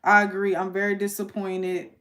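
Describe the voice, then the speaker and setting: A woman's voice: mid-range voice, completely flat delivery, moderate pace, fairly bright tone. A young woman hosting a casual livestream, ranting to her chat in an exasperated way. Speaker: livestream host.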